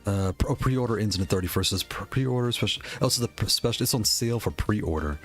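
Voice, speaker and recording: A man from the Northeast of the United States chatting casually on a live stream, reacting with excitement and thinking aloud as he answers chat questions. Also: fairly low pitch, a little fast, faint music behind. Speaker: streamer reviewing game controllers.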